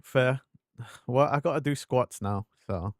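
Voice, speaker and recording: A man's voice: medium pitch, slow pace, no room sound, studio quality. A man streaming a game, chatting casually, thanking viewers and answering chat.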